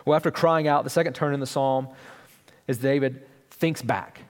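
A man preaches a sermon as pastor, his voice sitting at an ordinary middle pitch. He keeps it conversational, tossing asides to the listeners. The sound rings with the long reverb of a large hall. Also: fairly even intonation, moderate pace.

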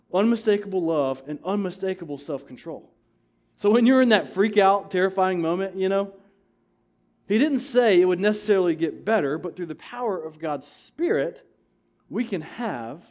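A man's voice: high-pitched, a little mellow. A male pastor preaching a sermon in a church, impassioned and emphatic, repeating key phrases. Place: church sanctuary.

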